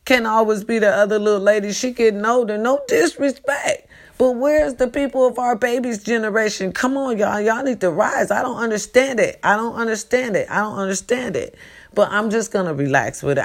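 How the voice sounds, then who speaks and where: Woman vlogging from home late at night, gravelly voice, keeps repeating herself and talking to y'all. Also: mid-range voice. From California. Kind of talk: late-night monologue to followers.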